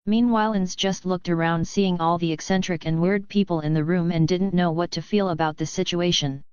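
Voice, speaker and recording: A woman narrating a webnovel audiobook in an even, mechanical read that even reads out asterisks. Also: on the low side, brisk, clean tone, no room sound. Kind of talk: synthetic-sounding webnovel narration. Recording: dry, slightly dull lo-fi audio.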